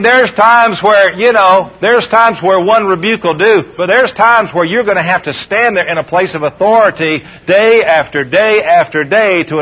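A fairly high, husky male preacher delivers a call-and-response sermon. He slows down and rises when reading scripture. The sound is dull and lo-fi, like an old radio broadcast.

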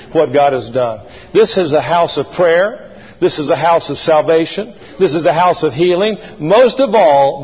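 A man's voice: a little high, husky. A male pastor preaching a sermon, building to fervent calls for his congregation to repeat after him. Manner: preachy, rising to fervent calls and call-and-response. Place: church sanctuary. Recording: dull lo-fi sound in a long-reverb hall.

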